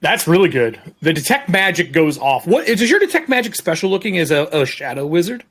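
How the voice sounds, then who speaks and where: A man's voice: fairly high pitch, sing-song, a little fast, fairly bright tone, breathy edge. A man running a tabletop game as game master, describing scenes in a loose, rambling way. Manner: descriptive, loose, with fillers and restarts.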